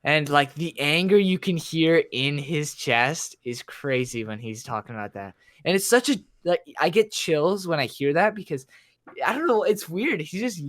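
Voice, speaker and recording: A man co-hosting a casual podcast, rambling excitedly with lots of "like" and restarts. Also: on the high side, normal speed, no echo, studio quality. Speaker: podcast co-host.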